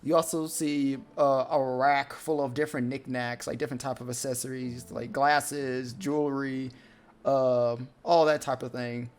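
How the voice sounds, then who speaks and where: A man narrating a tabletop game as game master, describing scenes with halting pauses. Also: mid-range voice, little pitch movement.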